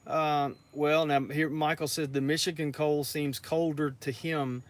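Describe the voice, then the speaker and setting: A man's voice: on the high side, level tone, unhurried. A man, chatting easygoingly and reading out comments from viewers. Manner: easygoing, chats with viewers, laughs often. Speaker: farm co-host reading live comments. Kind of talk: casual chat.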